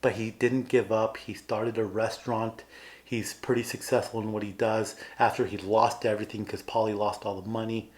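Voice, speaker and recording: A man's voice: lowish voice, flat delivery, normal speed. A man co-hosting a podcast in casual chat, earnestly retelling film scenes and acting out the characters' lines. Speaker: podcast co-host.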